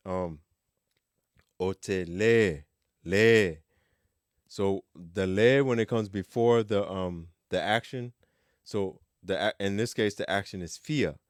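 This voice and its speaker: A man gives a casual language lesson in a relaxed, joking way, saying each phrase slowly and more than once. His voice sits a little low and sounds smooth and clear. The recording is dry and close, with no room sound. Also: no room sound. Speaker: language teacher.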